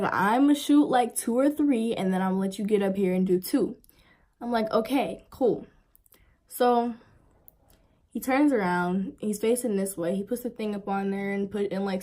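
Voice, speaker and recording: A young woman vlogger telling a story in a casual, rambling way, full of fillers. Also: mid-range voice. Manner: rambling, filler-heavy, animated retelling.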